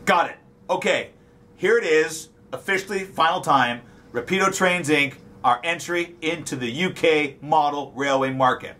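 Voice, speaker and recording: A Canadian man, a company president, presenting a comedic video in a brisk, upbeat, self-mocking way. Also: on the high side, pushed and bright.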